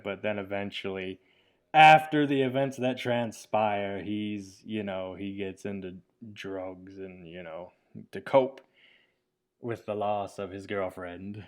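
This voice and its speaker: A man with a fairly low voice talks through his own short film in a loose, rambling way. He is enthusiastic, laughs often and fills his talk with "like" and "you know". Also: steady tone, slow. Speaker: filmmaker giving commentary on his own film. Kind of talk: casual commentary.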